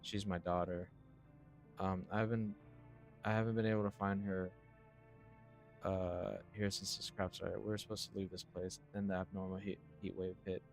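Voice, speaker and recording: A man voicing a desperate, paranoid father in a game, talking in a halting, anxious way with stammers. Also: low voice, little pitch movement, creaky, faint music behind.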